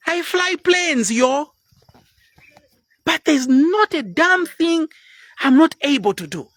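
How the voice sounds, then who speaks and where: A man in his fifties preaches bluntly in a live motivational talk. His pitch swings all over the place as he pushes his point. The sound is close and dry, with no room around it. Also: dry recording. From Zambia. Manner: blunt, preachy, drops into sudden quiet asides. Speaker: motivational speaker.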